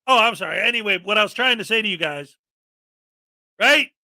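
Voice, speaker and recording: A man hosts a ranting commentary show, his voice high and sharp as he mocks and shouts at the people he watches. The sound is dry and close to the mic. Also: lively intonation, fairly quick, no echo. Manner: sarcastic, mocking, shouts often and acts out mock voices. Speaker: commentary channel host.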